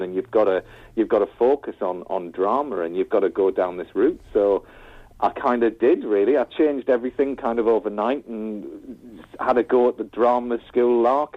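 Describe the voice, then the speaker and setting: A man telling stories in a casual interview, animated and chatty, laughing often. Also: fairly low pitch, no echo, narrow, tinny audio. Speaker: guest, TV presenter.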